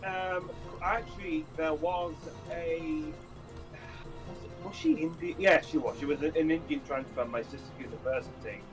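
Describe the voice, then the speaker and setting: Halting, mid-pitched speaker on a stream. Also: music in the background, poor audio. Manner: halting, many restarts and fillers. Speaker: live stream co-host. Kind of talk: casual group chat.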